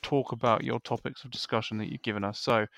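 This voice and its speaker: A man's voice: medium pitch, fairly even intonation, quick pace, creaky, fairly bright tone, no echo. Man hosting a podcast. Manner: steers the show, laughs along. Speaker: podcast host. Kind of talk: casual chat, hosting.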